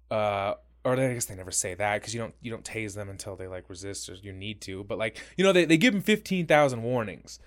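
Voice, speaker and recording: A man's voice: lowish voice, fairly quick. Casual swearing podcast co-host, a man. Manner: swears freely, animated storytelling with acted quotes. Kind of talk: casual chat.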